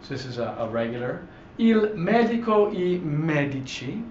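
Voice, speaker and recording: Male language teacher, lively up-and-down delivery, patient and filler-heavy, recorded in an echoey room on a dull lo-fi mic. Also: a little high, a little hiss or hum. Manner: explains slowly, says each example word twice with many fillers. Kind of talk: recorded online lesson.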